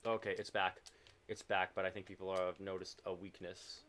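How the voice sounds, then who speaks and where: Male streamer, forceful and lower-pitched, profane live commentary, faint noise behind. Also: little pitch movement, moderate pace. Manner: swears often, loud frustrated outbursts. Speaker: game streamer.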